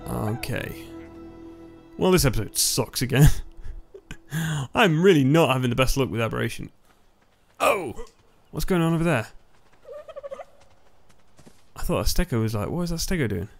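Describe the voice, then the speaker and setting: Excitable and yelling whenever he dies in game, a male gaming YouTuber commentates a let's play, his voice going hoarse. His pitch is medium and his speed normal, with long pauses. Faint music plays behind a loud, close headset or desk mic.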